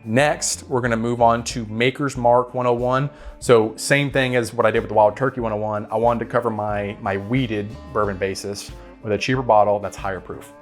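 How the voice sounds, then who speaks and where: Man, low voice, drawl, relaxed whiskey vlog chat, faint guitar music behind. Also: brisk, few pauses. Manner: relaxed, repeats words, says "right?" often. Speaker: whiskey reviewer and channel host. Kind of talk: casual recommendations to camera.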